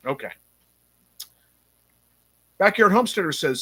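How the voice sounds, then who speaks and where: A man's voice: a little high, expressive, moderate pace, fairly bright tone. Chatty man reading chat. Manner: chatty, thinks aloud with many ums. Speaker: livestream host reading chat. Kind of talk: casual live-stream chat.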